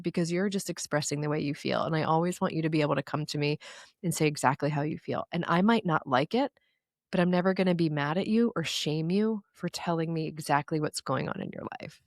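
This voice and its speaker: In her thirties and speaking in a deep voice, a woman appears as an interview guest and shares personal stories earnestly and reflectively. The candid conversation is recorded with studio quality and no echo.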